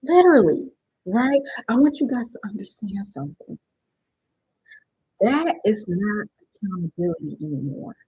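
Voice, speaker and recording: A woman runs a motivational workshop on a live stream, chatting conversationally and frequently asking the chat "right?" to make sure viewers follow. Her medium-pitched voice is sing-song and husky with a dark tone, at normal speed, in a dry recording of poor quality.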